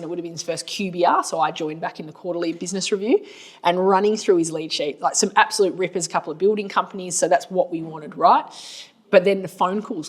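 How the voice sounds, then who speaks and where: A woman's voice: lowish voice, slightly rough. Blunt, chatty Australian businesswoman. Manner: chatty storyteller, blunt and colloquial. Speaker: marketing agency owner and podcast co-host. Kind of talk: casual business podcast chat.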